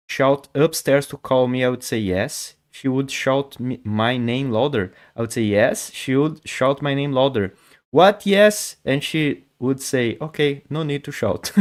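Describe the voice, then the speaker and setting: A man, a Portuguese speaker, chatting casually with viewers on a chess stream, often stammering and repeating words. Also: mid-range voice. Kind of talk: casual livestream chat.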